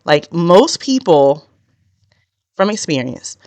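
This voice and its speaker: A woman's voice: on the low side, very animated, slow pace, a little mellow, dry recording. A woman hosting a solo podcast as a business consultant, chatty and direct, with laughing asides. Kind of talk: casual solo podcast teaching.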